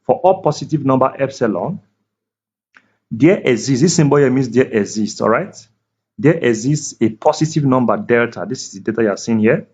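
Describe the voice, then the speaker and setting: A man tutoring math at a board, speaking slowly and deliberately, repeating key words and checking that the viewer is following. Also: medium pitch, expressive, darkish tone, husky. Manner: slow, deliberate, repeats key words, asks "can you see that?". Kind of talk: whiteboard math lecture. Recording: dull lo-fi recording.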